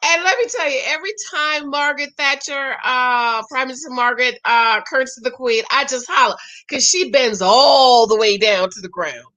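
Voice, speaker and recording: Woman in her forties from Jamaica, live reaction host, chatty, bright tone, sits a bit high. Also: normal speed. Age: 40s. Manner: chatty, exclaims and laughs often, greets chat viewers. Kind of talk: live watch-along commentary.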